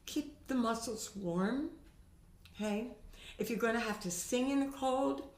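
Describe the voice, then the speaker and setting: A middle-aged woman voice teacher recovering from a sinus infection, chatting and demonstrating pitch with her own voice in a home video lesson. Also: a little slow. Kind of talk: instructional video talk. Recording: roomy home recording.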